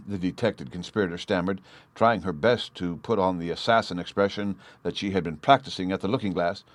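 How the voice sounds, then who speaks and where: A man narrating an audiobook in an even, measured storytelling manner. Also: deep voice, dry recording. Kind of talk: scripted narration.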